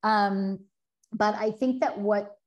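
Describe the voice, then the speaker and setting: A woman in her thirties, a guest telling a candid personal story, earnest and quick, full of filler words. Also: mid-range voice, steady tone. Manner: earnest, fast, many filler likes, acts out quotes.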